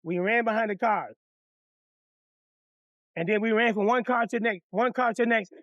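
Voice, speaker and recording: A man from Detroit telling a story from his own past in a casual, cussing storytime style, acting out everyone's voices. His voice is very high for a man, and he is recorded close on a dry mic with no room around him. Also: normal speed, no echo, dull audio. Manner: animated, profane, acts out voices.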